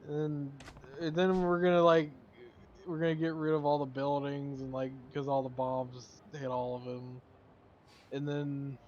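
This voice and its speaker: A slightly high-voiced man rambles through deadpan joke scenarios on a gaming stream. His mic sounds dull and lo-fi, with a faint hiss under it. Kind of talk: casual gaming chat.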